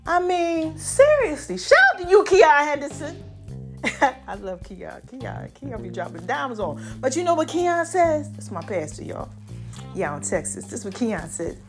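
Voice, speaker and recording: A woman with a high, bright-pitched voice that leaps up and down as she talks. She hosts her own podcast, giving casual, blunt relationship advice straight to her listeners. She repeats her points in a preachy, slangy style, with faint music playing underneath.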